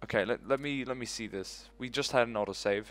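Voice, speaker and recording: A young let's play host commentates on his own strategy game run, rambling along and swearing a lot. His voice is medium in pitch and a bit bright, and he talks quickly.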